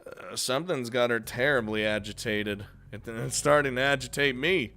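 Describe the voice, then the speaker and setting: Excitable man reading a visual novel. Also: mid-range voice, normal speed, few pauses, faint music behind. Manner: excitable, swearing, laughing, breaks off mid-sentence. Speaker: video game let's player.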